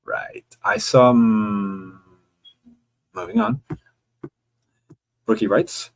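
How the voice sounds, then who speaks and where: A man's voice: on the low side, wildly swooping pitch, takes it slowly, creaky, pauses often, rough recording. A man streaming live, reading viewer chat messages aloud and answering them in a casual, joking way with the odd swear word. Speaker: livestreamer.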